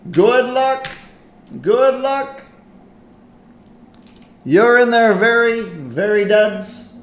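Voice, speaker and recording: A man hosting a live stream in casual commentary, chatty and excitable as he reacts to a game. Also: very high-pitched, extremely slow. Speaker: livestream host. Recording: echoey room with faint noise.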